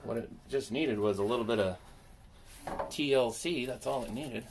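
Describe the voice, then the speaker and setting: At a normal pace and medium pitch, a landscaping business owner rambles casually while repairing equipment, talking to himself and making fun of himself. A slight hiss or hum is audible.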